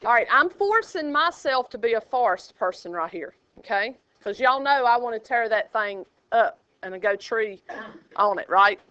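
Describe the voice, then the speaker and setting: A woman's voice: on the high side, lively intonation, moderate pace, pushed and bright, clean tone, dry recording. Playful woman teaching math. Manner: playful, sing-song asides. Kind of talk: classroom lecture. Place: classroom. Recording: dull lo-fi classroom recording.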